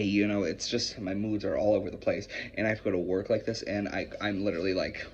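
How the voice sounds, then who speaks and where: Low-voiced man in an emotional, rambling vlog. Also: fairly even intonation, fast, hardly any pauses. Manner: emotional, rambling, frequent swearing. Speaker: vlogger. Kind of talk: personal confessional vlog. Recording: muffled with faint hiss.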